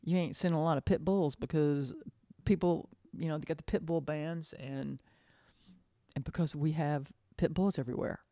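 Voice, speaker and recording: A woman's voice: low voice, fairly even intonation, mellow, no room sound, studio quality. A woman talking in a casual monologue, earnest and emotional, often repeating herself and restarting her sentences. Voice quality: halting, repeats phrases, trails off and restarts. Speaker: podcast host.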